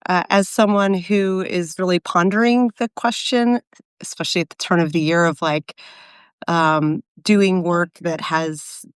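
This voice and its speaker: A woman's voice: on the low side, steady tone, a little slow, smooth, no room sound, studio quality. A woman in her forties in casual, reflective chat, rambling with many fillers and restarts. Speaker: co-host of a live video chat.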